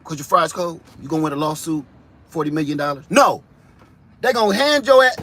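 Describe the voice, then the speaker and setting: Man from Ohio, comic monologue, slangy, animated, higher-pitched voice. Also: brisk. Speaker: vlogger. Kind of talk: comedic monologue.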